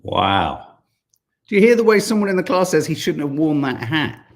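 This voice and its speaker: A man's voice: fairly high pitch, big pitch swings, normal speed, vocal fry. A British man hosting a podcast, chatting wryly and reading out viewer comments, getting worked up at times. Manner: chatty, wry, gets worked up, frequent fillers. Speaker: podcast host.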